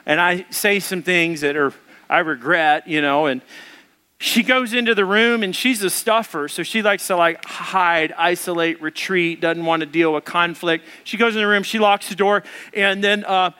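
A man in his thirties or forties, a pastor telling a funny marriage story in an animated sermon and acting out the quotes. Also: sits high, moderate pace, smooth.

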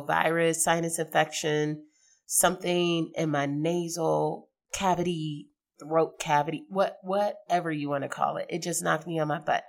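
A middle-aged woman hosting a podcast, hoarse from a sinus infection, talking in a chatty, rambling way and laughing easily. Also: fairly low pitch. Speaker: podcast host. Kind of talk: casual podcast monologue.

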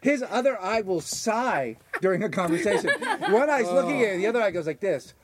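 A man with a high, quick voice rattles through a profane comedy story, stumbling over restarts as he goes. He talks fast and keeps pushing on, with a crowd murmuring behind him. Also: lively intonation. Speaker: podcast co-host. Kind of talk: casual comedic chat.

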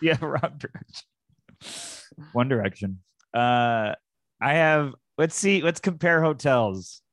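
An easygoing man trades puns over a remote call and laughs along with his co-host. His voice sits at a middle pitch for a man. The sound is close and dry, with no room in it. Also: animated, slow pace, a bit bright, no echo. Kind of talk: casual chat.

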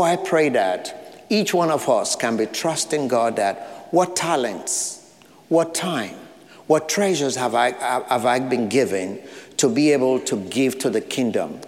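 A man's voice: mid-range voice, long reverb tail. A man with an African accent, preaching a sermon as pastor, earnest, with short repeated phrases and light asides. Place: church sanctuary.

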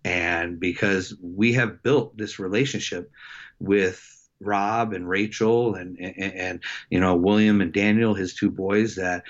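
A middle-aged man, a coach, telling a personal story in a casual interview, halting with many fillers and restarts. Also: low voice, steady tone. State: emotional. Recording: dull lo-fi sound.

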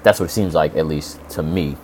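A man's voice: very deep voice, fairly quick, noisy background. A man giving a casual, profane commentary rant, incredulous and rambling with lots of fillers. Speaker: commentary vlogger. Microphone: desk mic near a fan.

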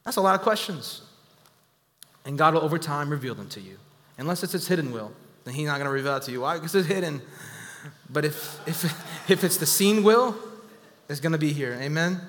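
A man's voice: on the high side, animated, fairly quick, pauses often, fairly bright tone. A man in his thirties preaching a sermon as a pastor, rising and dropping in volume and acting out the voices of people he quotes. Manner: preaching with sudden rises and drops in volume. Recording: long hall reverb.

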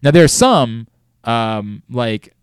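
A man's voice: mid-range voice, expressive, takes it slowly, clean tone, no room sound, studio quality. A man hosting a sports talk show, ranting animatedly about mispronounced names with mock outrage. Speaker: sports radio host.

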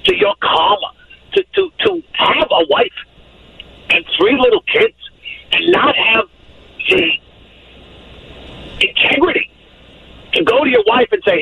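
A man's voice: very high voice, huge pitch swings, a little slow, vocal fry, pauses often. A man giving psychic readings on a call-in radio show, talking emphatically in a folksy, repetitive way over the phone. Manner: emphatic, folksy, repeats himself. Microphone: telephone. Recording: phone line with faint hiss.

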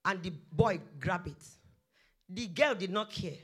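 Emphatic sermon preacher with a bright, ringing tone; repeats exhortations. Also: medium pitch, unhurried, breathy edge.

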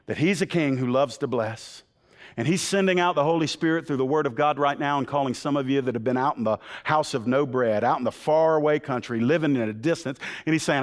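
A man preaching a sermon, animated and storytelling, acting out the people in the story. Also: mid-range voice, fairly quick. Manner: animated storytelling preacher, acts out quoted voices. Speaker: pastor. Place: church sanctuary. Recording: church hall with long reverb.

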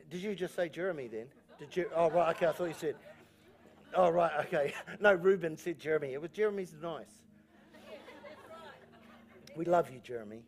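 A male pastor preaching a sermon in church, repeating key phrases with emphasis and telling jokey stories. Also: sits high. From New Zealand. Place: church auditorium.

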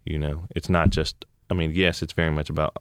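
A man in his thirties from California, a podcast guest talking in a relaxed, heartfelt, reflective way. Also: rumbling low, a little fast, no room sound, clean studio sound. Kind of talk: casual podcast chat.

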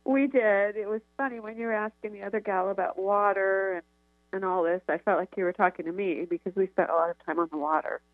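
A woman's voice: medium pitch, fairly even intonation, quick pace, no room sound. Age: middle-aged. Sex: woman. Role: caller on a tinny phone line. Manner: tender, reminiscing. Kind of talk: sharing memories on a call-in show.

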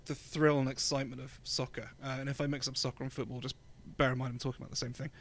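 This podcast co-host from England talks very fast in a flat, fairly bright voice of medium pitch. The chat is casual, full of ums and easy laughs, and he speaks with an English accent.

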